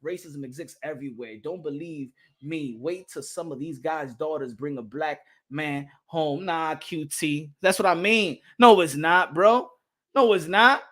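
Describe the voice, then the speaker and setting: Profane, bright-voiced New man. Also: fairly high pitch, measured pace. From New York. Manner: profane, slangy, repeats himself. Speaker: boxing show host. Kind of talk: heated livestream rant.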